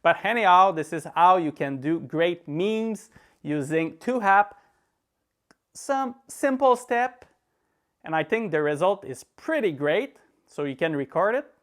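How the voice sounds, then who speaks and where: A man's voice: high voice, lively intonation, measured pace. A man with a French accent, a native French speaker, hosting a screen-recorded app tutorial and walking through each step in an easygoing way with small laughs. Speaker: tech tutorial host.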